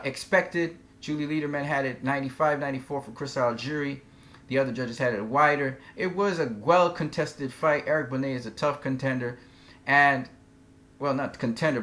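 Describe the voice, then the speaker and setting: A man giving an opinionated, conversational recap of weekend boxing results, slowing down to stress names and points. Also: mid-range voice, fairly bright tone. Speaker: boxing commentator. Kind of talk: casual fight recap.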